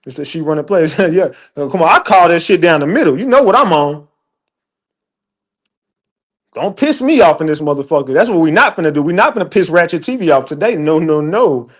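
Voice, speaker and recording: A high-pitched man, mid-rant on a livestream. He talks in a heated, profane, emphatic way and answers his chat directly. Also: expressive, a little fast. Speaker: livestream commentator.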